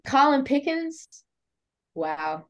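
A young woman with an Australian accent, a college softball pitcher chatting casually and upbeat as a guest in an interview. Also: sing-song, very slow, lo-fi sound. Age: young adult.

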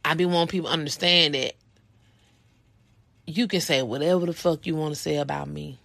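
A woman's voice: low voice, steady tone, fairly quick, gravelly, fairly bright tone, dry recording. A woman in her thirties hosting a personal podcast, telling a story in a blunt, profane, heated way. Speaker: podcast host.

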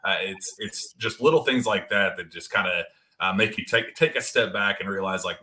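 A man hosting a podcast, chatting in a relaxed way with a guest. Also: sits low, brisk. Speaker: podcast host. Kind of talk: casual interview.

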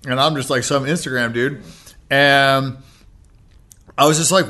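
American man, bright forceful voice, relaxed, swears a lot, filler-heavy, casual storytelling. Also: medium pitch, a little slow, pauses often. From United States. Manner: laid-back, heavy swearing, many fillers. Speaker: podcast guest.

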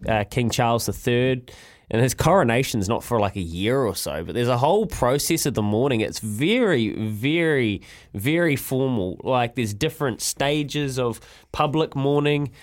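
A man's voice: mid-range voice, expressive, normal speed. A man with a New Zealand accent hosting a sports radio show, chatting upbeat and laughing easily between calls. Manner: upbeat, laughs easily, reads phone numbers and ads. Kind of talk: breakfast radio chat.

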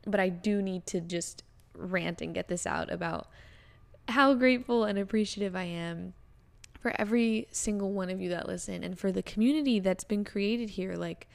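A young American woman hosting a podcast, rambling warmly in a casual heartfelt rant full of "like" fillers. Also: mid-range voice, creaky. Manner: gushing, rambling, many "like" fillers. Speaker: podcast host.

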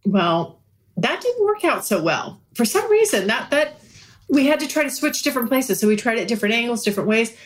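A woman's voice: on the high side, very animated, a little fast, a little hiss or hum. Frank, laughing woman podcaster. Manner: frank, profane, laughing often. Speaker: podcast host. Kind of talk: candid casual monologue.

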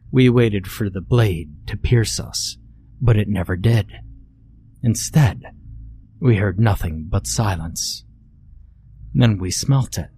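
A man narrating a horror story in a measured, deadpan way. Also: fairly low pitch, husky.

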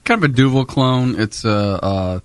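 Male co-host, dry close recording, relaxed halting talk. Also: medium pitch, clear, resonant tone, no room sound. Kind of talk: casual podcast chat.

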